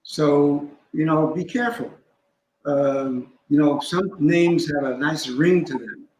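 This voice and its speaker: A man speaking as a guest scholar, explaining in a deliberate, instructive way and stopping to spell out terms. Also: a little high, a little mellow, roomy sound, low-quality recording. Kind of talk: teaching in a conversation.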